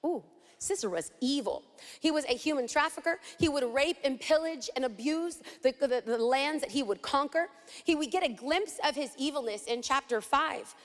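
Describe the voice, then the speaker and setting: A woman Bible teacher from East Los Angeles preaching a sermon, dramatic and animated, acting out scenes as she teaches. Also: sits high, moderate pace. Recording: hall reverb.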